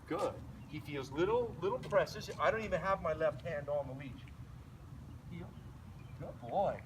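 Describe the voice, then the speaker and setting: A man with a fairly high, lively voice teaches a leash lesson outdoors, talking through each step and cheerfully praising the dog between explanations. He sounds a bit away from the mic, with plenty of outdoor noise around him. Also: a little slow. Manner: explains while walking, breaks off to praise the dog in a light voice. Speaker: dog trainer. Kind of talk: outdoor training demonstration. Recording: distant mic, noisy outdoor.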